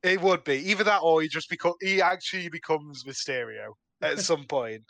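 An easygoing young man chats about films and goes along with his co-host. His voice is bright and a little high, recorded dry with no room sound. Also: normal speed, vocal fry, no room sound. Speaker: podcast co-host. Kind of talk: casual film chat.

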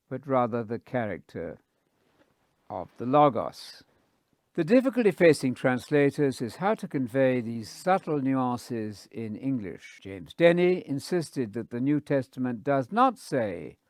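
Male Bible teacher, measured scholarly delivery, unhurried, very dry close sound. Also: medium pitch, a little mellow, dry recording. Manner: deliberate, quotes sources carefully.

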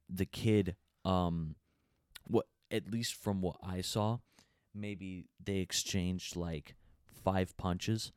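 A man's voice: deep voice, a little mellow, clean tone, no room sound, clean studio sound. A young man telling a story to a friend in casual chat, hesitant and full of fillers.

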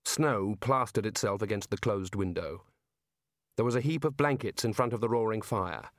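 A man narrating an audiobook in an expressive reading voice. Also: fairly low pitch, normal speed, dry recording, clean studio sound. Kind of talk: scripted narration.

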